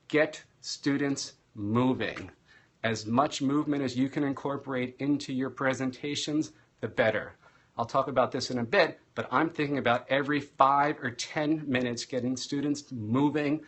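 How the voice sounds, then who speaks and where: With the ease of an experienced classroom speaker, this energetic man teaches via live stream in a mid-range voice. He stresses ideas by varying his loudness and quickening or slowing his pace.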